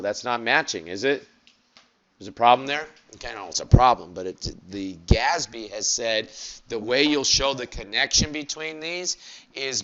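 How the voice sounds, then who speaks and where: A man teaching an accounting lecture, asking the class quick rhetorical questions and stretching out key words. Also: medium pitch, fairly bright tone, lo-fi sound.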